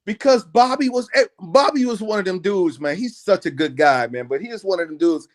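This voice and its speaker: Producer guest, slightly high voice, easygoing storyteller, keeps saying man. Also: brisk. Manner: laid-back, says "man" constantly, animated retelling. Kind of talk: casual storytelling interview.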